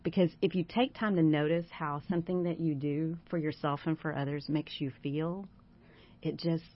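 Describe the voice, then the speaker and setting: With a low-pitched voice, a steady tone, and a moderate pace, a woman appears as a guest life coach, walking listeners through gratitude steps in a warm, encouraging, casual talk. The recording has a dry, dull lo-fi quality.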